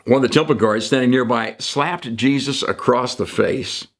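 A man's voice: medium pitch, normal speed, a bit bright. Man preaching a casual conversational sermon. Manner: conversational, jumps into quoted voices for emphasis. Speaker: pastor. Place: church sanctuary.

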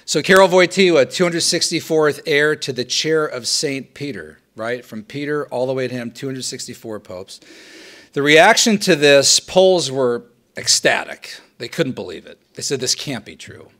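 Animated male professor lecturing students. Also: mid-range voice, moderate pace. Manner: animated storytelling, acts out quotes. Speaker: political science professor. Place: live talk to a student audience.

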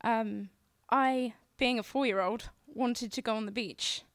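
A woman telling a childhood story on stage in an excitable, plain, repetitive way. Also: a little high, unhurried, dry recording, clean studio sound. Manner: excitable, repeats herself, plain and direct. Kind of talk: live personal storytelling. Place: stage before a live audience.

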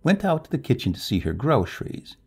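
A man narrating a short story in a measured, expressive storybook reading. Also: mid-range voice, vocal fry, husky. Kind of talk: scripted narration.

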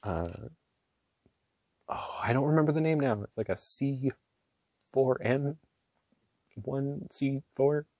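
A man gushing over ink swatches in a casual vlog, excitable and quick to laugh. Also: mid-range voice, no room sound. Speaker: ink reviewer. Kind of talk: casual show-and-tell vlog. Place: small home room.

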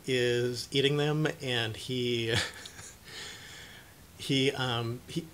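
A young man giving casual advice to camera, speaking haltingly with many fillers and restarts, and growing animated when he acts out an excited parent. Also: mid-range voice, a little hiss or hum. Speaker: video presenter on cluttering.

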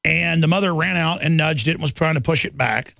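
A man's voice: fairly high pitch, brisk, gravelly, pushed and bright, no echo. A middle-aged man hosting a radio talk show, delivering an indignant, rambling monologue full of repeated words and restarts.

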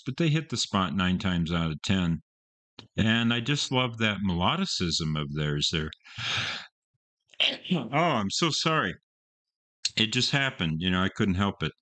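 An older man with a deep, low voice talks in a loose, rambling way about bands he loves. He is enthusiastic, and his speech is full of fillers and restarts. He sounds like a regular host speaking casually to his viewers from home. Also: a bit bright. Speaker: music reaction channel host. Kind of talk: casual solo talk to camera. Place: home room with construction noise outside.

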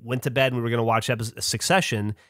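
A man's voice: medium pitch, steady tone, fast, fairly bright tone, no echo, studio quality. A man on a podcast telling a rambling, swear-filled story about his own mistakes in a casual chat. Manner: swears a lot, ranting storyteller. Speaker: podcast co-host. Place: podcast studio.

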